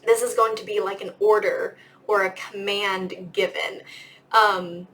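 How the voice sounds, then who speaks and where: A woman's voice: mid-range voice, fairly even intonation, measured pace, fairly bright tone, poor audio. A young woman giving a casual grammar lesson as a teacher, chatty and full of fillers. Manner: chatty, lots of "like" and "um". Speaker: English teacher.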